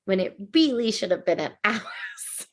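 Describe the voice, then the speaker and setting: Lively bright-voiced woman podcaster. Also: medium pitch, moderate pace. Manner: animated, chatty, laughs easily, casual swearing. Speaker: podcast co-host. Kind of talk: casual recap chat.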